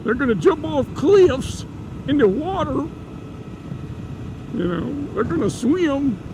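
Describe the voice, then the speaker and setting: A man putting on a Japanese accent to play an excitable male camera design engineer in a meeting, squeaking and rushing his words. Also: full character voice. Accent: put-on Japanese. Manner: high, fast, squeaky outbursts. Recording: wind and engine noise.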